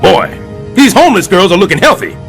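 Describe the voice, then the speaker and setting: An actor voicing a blustering middle-aged building super in an animated sitcom, boastful and sarcastic. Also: male voice, high voice, fairly quick, gravelly, faint music behind, full character voice.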